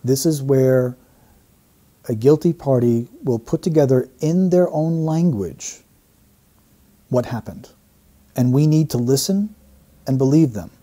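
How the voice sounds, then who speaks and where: A statement analyst gives measured, explanatory commentary while breaking down an interview, repeating key phrases. He has a mid-range voice that is expressive and dark in tone.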